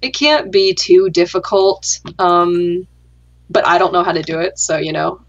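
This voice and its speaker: A woman's voice: fairly low pitch, a little slow, highs cut off, slight background noise. A young adult woman hosting a gaming chat, telling a story casually in a dry, sarcastic way and swearing freely. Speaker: gaming channel host.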